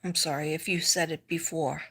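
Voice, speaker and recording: Speaking at a normal pace with a low, fairly even, sharp-toned voice, a middle-aged woman with a New York accent hosts a livestream. Her casual talk with viewers rambles and restarts, occasionally sinking to a whisper.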